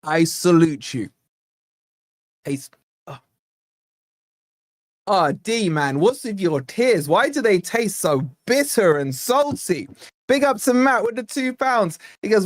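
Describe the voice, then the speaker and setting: Brash young football stream host. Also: male voice, high voice, slow, pauses often, no room sound, studio quality. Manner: brash, mocking, excitable banter. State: tired from lack of sleep. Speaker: football fan channel host. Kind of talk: live stream chat.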